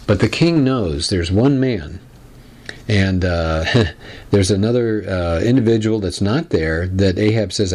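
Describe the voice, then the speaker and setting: A man leads a Bible lesson in a loose, chatty style, pausing on fillers as he retells the story. His voice is very deep and settled. He sounds like a teacher explaining to a class. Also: lively intonation, a little mellow. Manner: casual, conversational, with frequent fillers.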